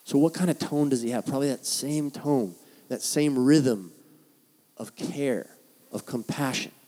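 A man preaches a sermon as the pastor, telling stories animatedly and acting out the voices of people he quotes. His voice is medium in pitch and a little slow.

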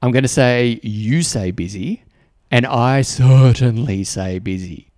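A man's voice: mid-range voice, a little slow, a little mellow, no echo. A man hosting a solo podcast, talking in a reflective, conversational way that often restarts and repeats words. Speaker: podcast host.

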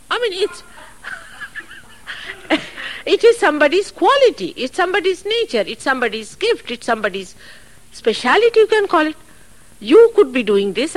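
Lively-voiced woman giving a spiritual talk. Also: high voice, poor audio. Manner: earnest, chatty asides, soft laughs. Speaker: spiritual teacher. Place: public hall. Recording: archive recording.

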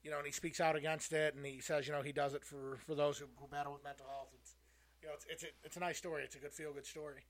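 Talking fast in a level, higher-pitched voice, a male podcast co-host wanders through an anecdote in casual conversation, full of filler words and laughter. The recording has no echo.

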